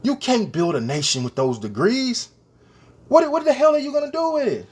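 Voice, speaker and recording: Guy ranting at his viewers, lively voice swinging all over, keeps repeating his questions. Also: very high-pitched, normal speed, breathy edge. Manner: emphatic, repeats rhetorical questions; addresses the viewers directly. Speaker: commentator. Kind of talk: opinion rant to camera.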